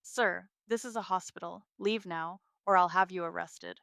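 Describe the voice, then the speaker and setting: A woman doing a steady male doctor, concerned and firm, speaking low. The delivery is crisp and clear in a dry, close recording. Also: normal speed, no room sound.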